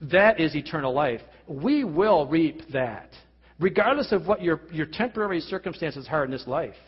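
Male pastor, slightly high husky voice, earnest sermon, lo-fi hall recording. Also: animated, moderate pace. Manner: earnest preaching with frequent restarts and rhetorical questions. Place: church hall. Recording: lo-fi recording with long hall reverb.

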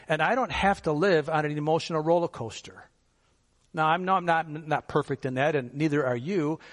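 A man's voice: on the high side, in a large hall. A male pastor preaching a sermon in a conversational way, asking his listeners rhetorical questions and chuckling now and then.

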